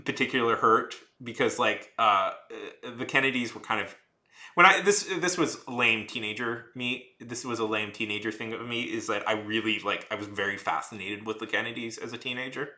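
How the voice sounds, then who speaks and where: A man's voice: mid-range voice, a little fast, bright, forceful tone. A man in his thirties chatting casually on a stream. He rambles with lots of fillers and turns heated and ranting. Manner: rambling, heavy use of "like", restarts and trails off. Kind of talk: casual rambling chat while drawing. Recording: echoey room.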